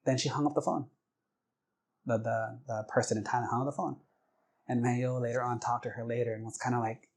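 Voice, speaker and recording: A man, a Buddhist monk, giving a sermon as an animated storyteller who acts out the voices in his story. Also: mid-range voice, brisk. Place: temple.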